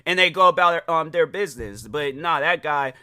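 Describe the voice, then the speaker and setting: A young man hosts a podcast and tells a story as a lively, casual rant, laughing often and acting out the people in it. His voice sits a bit high, bright and forceful, with a smooth, crisp tone. The recording is dry and close. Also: normal speed, no echo. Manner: animated, acts out quoted voices, laughs often. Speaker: podcast host.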